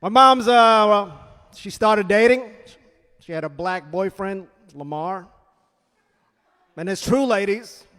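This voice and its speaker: Guy doing stand-up, pretty high voice, punchy loud delivery, echoey club hall. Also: takes it slowly. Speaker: stand-up comedian. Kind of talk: stand-up comedy set. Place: comedy club stage. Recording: reverberant comedy club hall.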